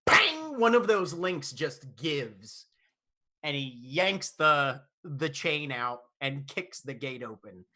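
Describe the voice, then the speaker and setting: A man's voice: mid-range voice, expressive, slow pace, pushed and bright. A man running a tabletop game as game master, narrating scenes and laughing often as he goes.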